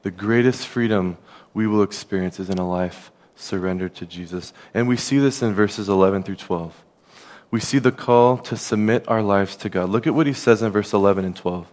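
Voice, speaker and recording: A man preaching a sermon as a pastor, earnest and conversational, dropping softer on key phrases. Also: lowish voice, moderate pace.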